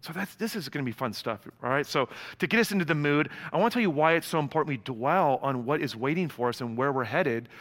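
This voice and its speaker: A male pastor preaching a sermon, with a bright, forceful tone that sits a bit high for a man. He tells stories with humor and casual asides. His voice rings out with a long reverb, as in a large hall. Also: animated, fast talker, hardly any pauses.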